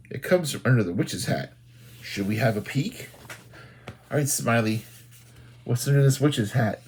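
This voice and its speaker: A man, a children's librarian, doing an animated storytime read-aloud and talking to young children. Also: mid-range voice, normal speed, pauses often, slightly rough. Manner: animated, sing-song, talks to young children.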